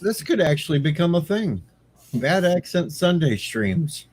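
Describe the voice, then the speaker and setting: A man's voice: a little high, big pitch swings, a little slow, darkish tone, husky. An American man hosting a casual livestream chat, joking and bantering with his guests. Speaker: livestream host.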